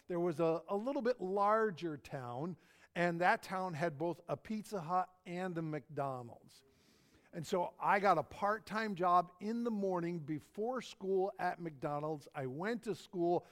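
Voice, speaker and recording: A middle-aged man preaching a sermon, telling a personal story in a folksy, anecdotal way and repeating his phrases. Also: fairly high pitch. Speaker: pastor.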